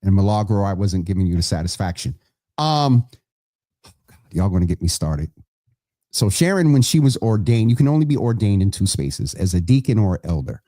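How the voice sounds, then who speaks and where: A man with a low, mellow voice hosts a live online show from a dry, close-miked room. He runs through announcements in a casual, rambling way, often stopping mid-sentence to fix what he just said. He speaks straight to his viewers, calling some of them by name. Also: sing-song, normal speed, no echo. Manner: chatty and rambling, self-correcting, talks to viewers by name.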